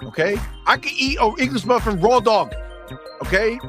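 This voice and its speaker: A man's voice: sits high, expressive, moderate pace, over music. A male livestream host on a podcast, ranting in a profane, exasperated way. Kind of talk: livestream chat.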